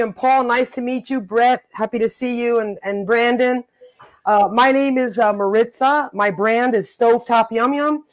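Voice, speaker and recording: A woman from Florida, a cooking guest, introducing herself in a chatty, giggly way. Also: high voice. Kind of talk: casual self-introduction.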